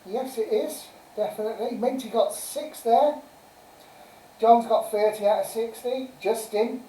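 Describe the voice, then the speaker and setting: Her voice is warm, unhurried, and on the high side as she hosts a casual live-stream quiz, chatting and giggling through answers and scores. The distant mic adds a roomy sound along with a slight hiss or hum.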